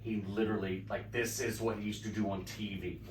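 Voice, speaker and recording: A man in his forties from the Midwest, co-hosting a chatty podcast and telling stories with lots of excitement, acting out what people said. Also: fairly low pitch, brisk. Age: 40s. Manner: excited storyteller, acts out quotes. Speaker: podcast co-host. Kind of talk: casual chat. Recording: echoey room, mic at a distance.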